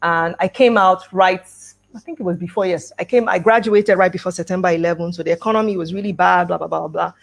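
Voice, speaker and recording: A woman's voice: fairly low pitch, steady tone, fast talker, creaky. A middle-aged woman speaking at an education conference, telling a personal story and acting out the dialogue, with light laughs. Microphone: video call.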